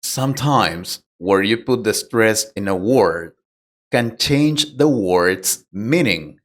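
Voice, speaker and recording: A man teaches a slow, deliberate English pronunciation lesson in a lowish voice with lively intonation. Patient and plain in his explanations, he directs questions straight at the learner.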